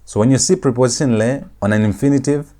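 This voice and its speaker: A man giving a Hebrew grammar lecture, speaking slowly and repeating each term and example for his students. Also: medium pitch, warm tone. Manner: slow, repetitive, spells out each word. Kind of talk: classroom lecture.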